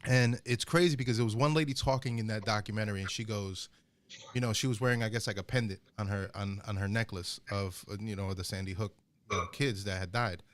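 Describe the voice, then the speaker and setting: A man's voice: lowish voice, fairly even intonation, fast talker. A man co-hosting a podcast, telling rambling stories in casual chat with many restarts. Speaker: podcast co-host.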